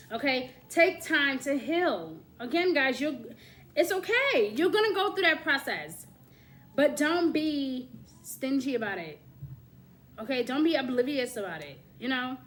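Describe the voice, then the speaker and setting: A woman giving a casual astrology reading to camera, coaxing and lively, often checking in with her listener and laughing between points. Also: sits high, unhurried. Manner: coaxing, keeps saying "my love" and "okay?". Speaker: astrology reader.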